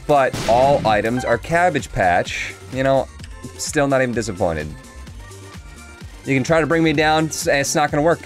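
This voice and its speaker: A man's voice: on the high side, a little fast. A man hosting his own gaming channel, chatting jokily through a let's play. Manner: excitable, jokey, chatty with the game. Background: game music.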